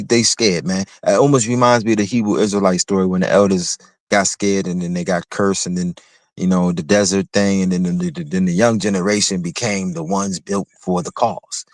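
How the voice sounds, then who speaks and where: A man's voice: fairly low pitch, no room sound. A man hosting a livestream, delivering a heated, confrontational commentary rant with repetitive, mocking phrasing. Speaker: livestream host.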